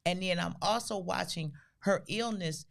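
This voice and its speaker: An older woman co-hosting a podcast, telling family stories in a casual, animated way and acting out the quotes. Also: on the low side, moderate pace, gravelly. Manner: animated storyteller who acts out quotes. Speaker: podcast co-host. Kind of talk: casual storytelling conversation.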